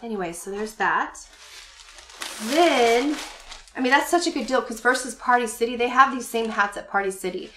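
A woman's voice: a little high, animated, moderate pace, sharp tone, roomy sound, a little hiss or hum. A woman in her forties chatting casually to camera at home, rambling through a shopping haul with many fillers and laughs. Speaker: vlogger showing a shopping haul.

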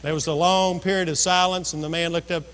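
A man's voice: a little high, fairly even intonation, fairly quick, a bit bright, clean tone. A man preaching a sermon as pastor, telling a story and acting out the voices in it. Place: church sanctuary. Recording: long reverb of a church hall.

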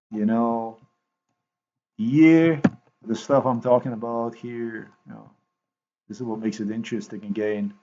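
A man telling a long rambling story in a casual monologue, repeating himself and swearing freely. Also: mid-range voice. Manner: repetitive, profane, excitable storytelling. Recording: dull lo-fi recording.

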